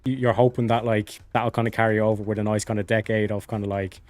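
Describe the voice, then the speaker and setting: A man's voice: on the low side, little pitch movement, fast, a little mellow, no echo, soft background music. A man with an Irish accent, talking politics in a casual voice chat, rambling with lots of fillers. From Ireland. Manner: rambling, many fillers and restarts.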